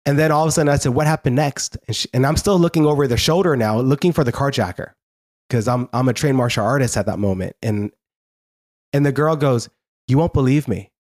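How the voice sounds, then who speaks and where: A man shares the story of his life in an interview, sincere and hesitant, often backing up to restart what he's saying. He has a mid-range, slightly mellow voice.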